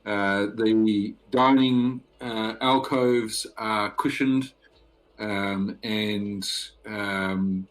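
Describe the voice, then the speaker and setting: Slow-talking male game master. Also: on the low side, steady tone. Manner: halting, many fillers and pauses. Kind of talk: narrating a tabletop game.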